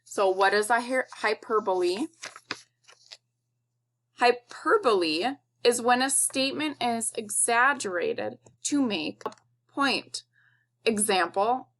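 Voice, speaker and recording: A woman teacher giving a recorded video lesson to young children, explaining in a slow, patient, kid-friendly way. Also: on the high side, animated, fairly bright tone.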